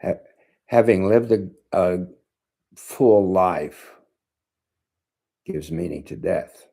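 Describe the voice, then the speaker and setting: A man in his seventies, a martial arts teacher, giving a slow, thoughtful monologue to camera with frequent pauses. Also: low voice, mellow. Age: 70s. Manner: slow, thoughtful, pausing often.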